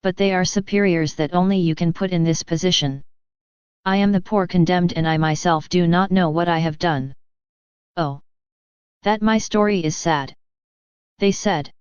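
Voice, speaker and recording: A woman's voice: on the low side, darkish tone, clean tone, dry recording. A woman reading a mystic's diary aloud in the first person, earnest and pleading. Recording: slightly dull, dry close recording.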